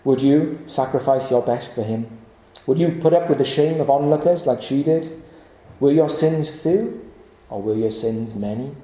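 A man's voice: mid-range voice, moderate pace, mellow. A man preaching an evening sermon, pleading with his listeners through earnest, repeated rhetorical questions. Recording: echoey hall.

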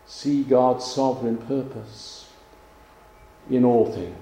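A man preaching a sermon in a slow, measured way, leaning on pauses for emphasis. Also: medium pitch, mellow, slight background noise. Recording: roomy, echoey sound.

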